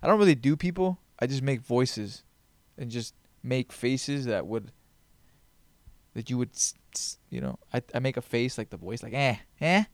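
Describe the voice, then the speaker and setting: A man chats alone into a close microphone, his voice carrying a gravelly, creaky texture. He rambles, jokes and curses freely, sounding loose and unscripted. The room sound is dry. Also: medium pitch, lively intonation, normal speed, darkish tone, dry recording. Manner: rambling, profane, joking. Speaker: podcast host. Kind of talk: casual solo podcast monologue. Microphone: headphones on, close mic.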